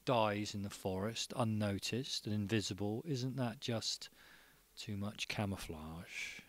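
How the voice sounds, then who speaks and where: Low-voiced deadpan male comedian. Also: unhurried. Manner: deadpan, rambling absurd joke telling. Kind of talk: stand-up comedy set. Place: studio.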